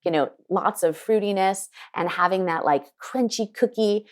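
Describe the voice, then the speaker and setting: A woman winemaker telling an animated story in an interview, acting out the people she quotes. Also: mid-range voice, moderate pace. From United States. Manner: lively, quotes people in put-on voices. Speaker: winemaker guest. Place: her home in Sonoma County.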